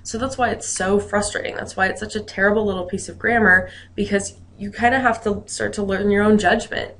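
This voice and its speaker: A woman's voice: medium pitch, steady tone, a little fast, fairly bright tone, slight background noise. Friendly woman teaching a grammar lesson. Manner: friendly and explanatory, with joking asides. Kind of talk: recorded grammar lesson podcast.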